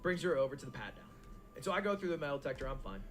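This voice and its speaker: A man telling a long anecdote in casual chat, animated and laughing as he goes. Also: mid-range voice, very fast, a little hiss or hum. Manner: animated, laughing, with quoted voices. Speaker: podcast co-host.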